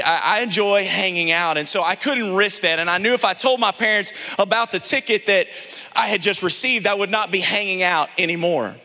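A man from the Houston area, a pastor preaching a sermon to a congregation, telling a humorous story with animated restarts. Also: high voice, big-room sound. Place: church sanctuary before a congregation.

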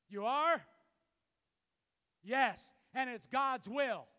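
A man preaching a sermon as pastor, building to shouted emphasis, recorded in a church. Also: extremely high pitch, slow pace, pauses often, clear, resonant tone. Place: church sanctuary. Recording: long hall reverb.

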